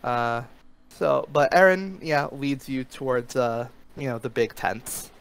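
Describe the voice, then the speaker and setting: A man narrating a tabletop game as game master, halting and full of fillers. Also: medium pitch, lively intonation, gravelly, fairly bright tone, smooth, rough recording. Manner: halting, full of "uh" and "you know".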